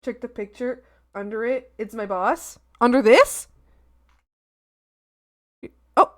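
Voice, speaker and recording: A young adult woman chatting casually on a live stream, animated and laughing often as she talks with viewers. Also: a little high, normal speed. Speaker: art streamer.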